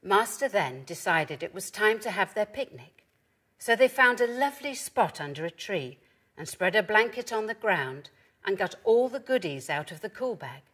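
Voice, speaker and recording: A woman gently reading a children's story aloud. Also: medium pitch, very animated, moderate pace, breathy edge.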